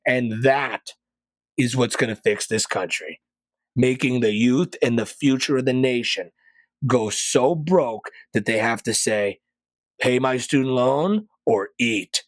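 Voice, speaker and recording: A man hosting a podcast, ranting sarcastically in a casual monologue and jumping to loud, high peaks. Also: measured pace, dry recording. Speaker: podcast host.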